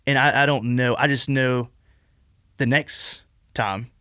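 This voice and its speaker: A man's voice: medium pitch, fairly even intonation, slow, pushed and bright, clean tone, no echo, clean studio sound. A man in his twenties, a podcast guest telling a long personal story in a casual, rambling way, full of "like" and restarts. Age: 20s. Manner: rambling, heavy use of "like" and restarts.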